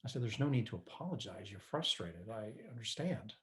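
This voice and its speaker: A man's voice: on the low side, big pitch swings, fairly quick, fairly bright tone. A middle-aged actor playing a divorced son who tells a wry, patient story about caring for his mother on stage. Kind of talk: stage monologue.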